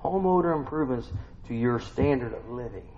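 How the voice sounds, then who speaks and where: A man's voice: medium pitch, lively intonation, a little fast, dark tone, a little hiss or hum. A man giving an informal sermon, talking to listeners conversationally, asking them questions and humming to himself between points. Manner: conversational, asks listeners questions, hums and affirms. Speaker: preacher. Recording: dull lo-fi recording with long hall reverb.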